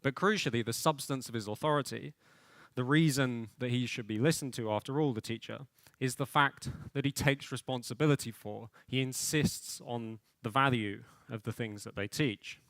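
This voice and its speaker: A man's voice: medium pitch, moderate pace, fairly bright tone, dry recording. A man giving a keynote lecture at a conference, speaking thoughtfully and often hedging with small fillers as he works through his points.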